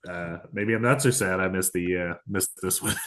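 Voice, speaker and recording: A man co-hosts a casual podcast and cracks jokes between bursts of laughter. His voice is low and his speech is slow. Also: a bit bright. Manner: joking, laughing reactions. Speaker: podcast co-host.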